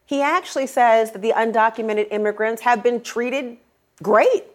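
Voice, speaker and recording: A woman's voice: fairly high pitch, normal speed. A middle-aged woman anchoring an evening news show, pointed and sarcastic, stretching key words for emphasis.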